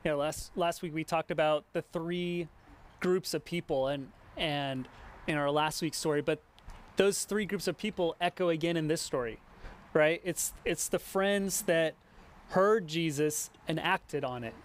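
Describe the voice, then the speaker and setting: A man preaching a sermon in an animated way, often stopping and restarting and acting out imagined conversations. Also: on the high side, unhurried. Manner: animated, acts out imagined dialogue with many restarts.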